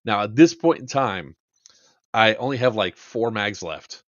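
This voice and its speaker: A man's voice: fairly low pitch, a little slow, fairly bright tone, no echo, dull audio. A man hosting a podcast, casually and animatedly recounting an airsoft game, swearing and acting out the quotes with plenty of fillers. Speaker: podcast host.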